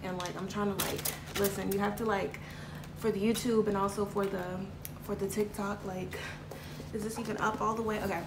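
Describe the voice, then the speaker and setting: A young woman vlogging to her handheld camera, bubbly and excitable, chatty with lots of "like" and "y'all". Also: mid-range voice, a little fast, vocal fry. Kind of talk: casual vlog talk to camera. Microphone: handheld vlog camera. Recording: echoey room with background noise.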